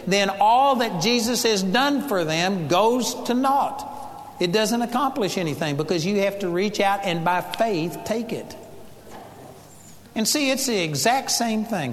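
A man with a high, light voice preaches a sermon. His delivery is emphatic, and he acts out voices as he quotes scripture. The sound carries a long reverb from a church hall.

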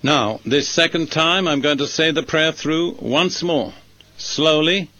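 A male preacher delivering a sermon and leading a prayer, speaking slowly and deliberately, phrase by phrase. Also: fairly high pitch, pushed and bright, dry recording. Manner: slow, measured, deliberate phrasing.

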